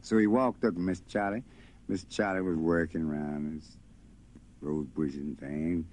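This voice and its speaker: A man's voice: sits low, steady tone, normal speed, darkish tone. A man telling a folk tale in a loose, folksy spoken way. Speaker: storyteller. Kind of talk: folk tale told over guitar. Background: faint guitar.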